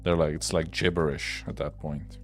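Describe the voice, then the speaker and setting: A man with a deep, low voice rambles through casual, opinionated livestream chatter, swearing freely as he goes. Faint music plays underneath. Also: level tone, normal speed. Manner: rambling, profane, loose and opinionated. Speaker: livestream host. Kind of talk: casual livestream chat while working.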